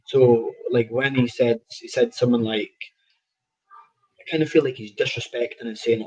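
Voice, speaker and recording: A man's voice: mid-range voice, steady tone, normal speed, a little mellow, slightly rough, muffled recording. A man, a professional boxer telling stories in a casual interview, rambling with restarts and laughing at himself.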